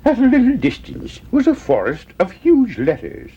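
A man reading a children's story aloud in a lively, sing-song way. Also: extremely high pitch, normal speed, few pauses, breathy edge, muffled recording. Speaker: narrator.

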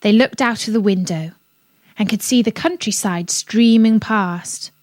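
A woman reading a children's story aloud on a radio show, gentle and expressive. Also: medium pitch, a little slow, no room sound.

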